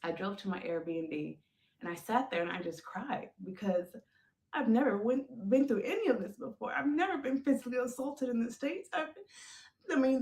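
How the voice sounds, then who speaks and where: Woman storyteller, gravelly fry, roomy echo; animated, talks straight to listeners. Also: a little high. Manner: animated, addresses listeners as folks, acts out quoted lines. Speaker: woman telling her story on a podcast. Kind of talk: emotional personal storytelling.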